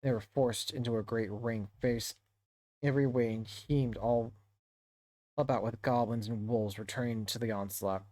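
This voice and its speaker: A man's voice: medium pitch, darkish tone. A man with a mid-range voice reads a novel aloud to his stream's book club. He stumbles and corrects himself often as he goes, and the close recording has no room echo. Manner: halting read-aloud with frequent self-corrections.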